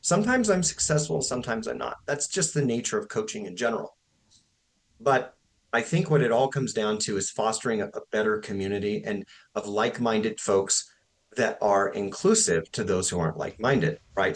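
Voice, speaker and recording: A man in his forties, a fitness coach guest on a podcast, speaking passionately and emphatically with strong opinions. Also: on the low side. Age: 40s. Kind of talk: podcast interview conversation.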